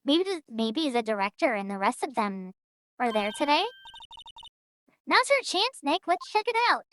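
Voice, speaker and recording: A woman's voice: high-pitched, very animated, moderate pace, a bit bright, a little hiss or hum. A woman voicing an eager young female assistant who keeps prodding her partner along.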